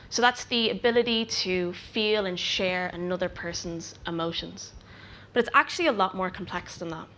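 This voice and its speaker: Woman giving a measured conference talk. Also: mid-range voice, fairly bright tone, a little hiss or hum. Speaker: product researcher.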